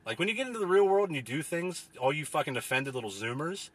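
A young man ranting casually with profane, rambling talk and many fillers, sometimes mocking people in a whiny high voice. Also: sing-song, fast talker, a bit bright, breathy edge. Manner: mocks others in a whiny falsetto.

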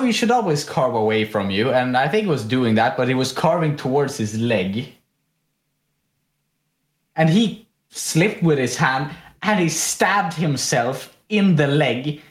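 A young man from Sweden co-hosting a casual podcast, telling rambling stories with lots of laughter. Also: mid-range voice. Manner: rambling, animated, laughs often. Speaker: podcast co-host. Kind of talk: casual chat, storytelling. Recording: echoey room.

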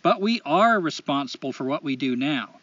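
Speaking at a moderate pace in an expressive, somewhat high and slightly bright voice, a male podcast co-host talks loosely and launches into blunt, profane rants. There's no room sound, but the mic is distant and the quality lo-fi.

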